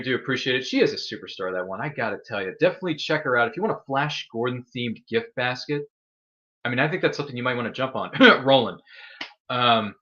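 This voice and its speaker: A man's voice: mid-range voice, bright, forceful tone, lo-fi sound. A man hosting a casual chat show, rambling and joking with playful asides. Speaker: host.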